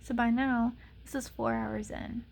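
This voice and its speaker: A young woman vlogs in a casual, exasperated rant, full of sarcasm and "like" fillers. Her fairly high voice is husky and gravelly with fry. At times she sinks into a soft whisper. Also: level tone, measured pace. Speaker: ASMR channel vlogger.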